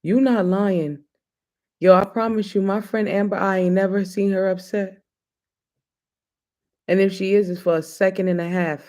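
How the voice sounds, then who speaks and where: A man's voice: sits high, steady tone, moderate pace, long pauses, a little mellow. A man hosting a casual chat show, talking in a loose, joking, slangy way. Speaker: host.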